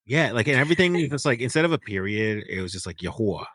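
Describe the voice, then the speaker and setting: A man's voice: mid-range voice, lively intonation, a bit bright, no room sound. A man co-hosting a book podcast, chatting casually over a remote call mic, rambling and joking with many restarts. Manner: rambling, halting, joking storytelling. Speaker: podcast co-host, book reviewer. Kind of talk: casual chat.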